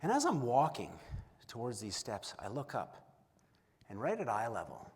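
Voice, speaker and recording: A man giving a keynote speech, telling an animated, self-deprecating story and acting out the voices in it. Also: on the low side, moderate pace, long pauses, breathy edge. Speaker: keynote speaker. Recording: long hall reverb.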